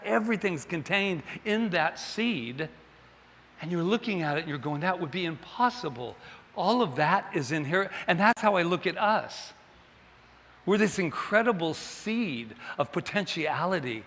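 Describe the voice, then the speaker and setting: A man's voice: on the high side, fairly bright tone, big-room sound. A male minister giving a Sunday sermon in a chatty way, joking with the congregation and asking them questions.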